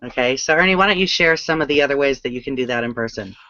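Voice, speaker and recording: A man's voice: medium pitch, lively intonation, quick pace, sharp tone, dry recording, muffled recording. A man hosting an online product hangout who gives sales tips in a chatty way, full of "you know" and "right?". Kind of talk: casual sales coaching. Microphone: video call.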